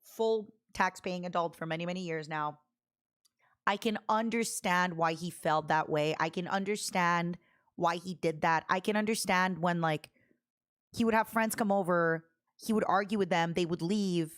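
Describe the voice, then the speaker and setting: A woman streamer chatting casually, telling a personal story in a rambling, animated way with many restarts and asides. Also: lowish voice, normal speed. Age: adult.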